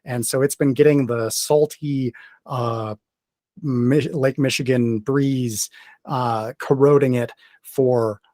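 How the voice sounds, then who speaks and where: A man narrating a tabletop game as game master, pausing often with fillers and restarts as he describes the scene. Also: medium pitch, fairly even intonation, dark tone, no room sound, clean studio sound. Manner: hesitant, many fillers and restarts.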